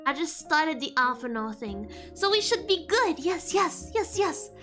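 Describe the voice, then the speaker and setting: Woman, VTuber streamer, casual livestream chat, playful, giggly, lively bouncy pitch. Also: a little slow. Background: faint lo-fi background music.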